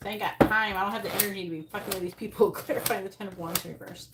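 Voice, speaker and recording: Angry and blunt, a woman swears her way through a live tarot reading as she explains the cards. She races along in a steady, medium-pitched voice, captured through earbuds amid loud background noise.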